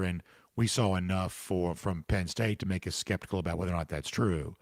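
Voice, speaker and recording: Male sports podcast host with the hiccups, emphatic and conversational, husky voice, dry close mic. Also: low-pitched, normal speed, dry recording. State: has the hiccups. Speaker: podcast host answering listener comments. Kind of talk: casual opinion commentary.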